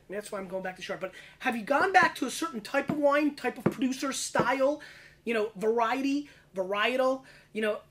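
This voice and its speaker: A man in his thirties hosting his own wine review show, talking in a brash, slangy, rapid-fire way as he scores and riffs on each bottle. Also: extremely high pitch, fairly bright tone. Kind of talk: casual video wine review.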